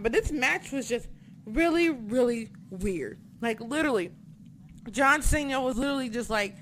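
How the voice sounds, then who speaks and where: Bright, ranting young woman. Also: fairly high pitch, a little hiss or hum. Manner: animated, swears a lot, ranting. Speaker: wrestling podcast co-host. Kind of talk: casual chat.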